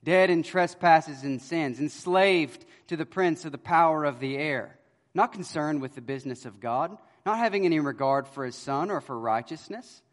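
A man preaching a sermon as pastor, earnest, swelling loud on key words and then dropping to a hush. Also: on the high side, moderate pace. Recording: long hall reverb.

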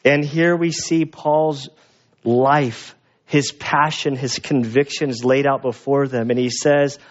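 A male pastor preaching a sermon, slow and earnest, often restarting his phrases. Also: mid-range voice, steady tone. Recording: dull lo-fi sound.

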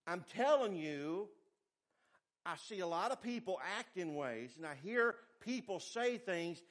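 A man preaches a sermon. He swings between emphatic, raised lines and hushed, low asides. His pacing is lively and conversational. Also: measured pace. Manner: animated preaching, pitch and volume rising and falling widely. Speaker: pastor.

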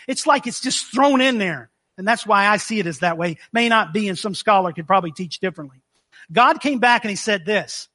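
A male pastor delivering a conversational sermon with a very high, bright voice. He acts out the scripture as he reads it and questions his listeners directly. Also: animated, brisk.

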